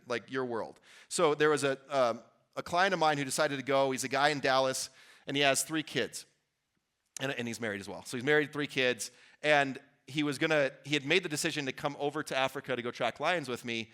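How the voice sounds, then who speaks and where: A workshop speaker with a sharp-toned, medium-pitched voice gives an earnest, conversational motivational talk before a live audience at an event venue. He restarts sentences and makes asides to the crowd.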